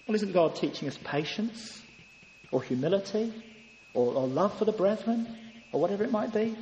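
A man's voice: high-pitched, darkish tone, slight background noise. A man preaching a sermon in church, earnest and full of rhetorical questions. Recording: echoey hall, heard from a distance.

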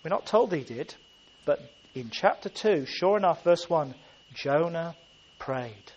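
A man's voice: a little high, expressive, a little slow, muffled recording. A man preaching a sermon, earnest and emphatic, often restarting his phrases.

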